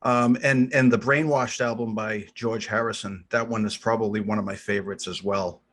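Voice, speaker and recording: A man's voice: fairly low pitch, fairly even intonation, normal speed, fairly bright tone. A middle-aged man with a Boston accent, chatting on a podcast and thinking aloud with lots of ums. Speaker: podcast co-host. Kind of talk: casual chat about music.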